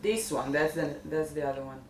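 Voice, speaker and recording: A man's voice: on the high side, fairly quick. A man co-hosting a podcast, chatting casually in a scattered, playful way. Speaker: podcast co-host. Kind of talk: casual chat. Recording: echoey room, faint background noise.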